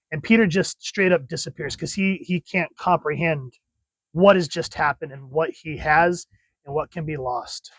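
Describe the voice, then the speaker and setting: A man's voice: on the high side, normal speed, no echo. Enthusiastic man reviewing comics. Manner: enthusiastic, chatty.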